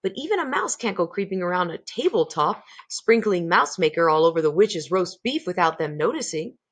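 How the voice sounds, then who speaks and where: A woman reading aloud, voicing a kind, patient elderly grandmother who speaks gently and calmly. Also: medium pitch, a little fast, breathy edge. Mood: warm. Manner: gentle, composed.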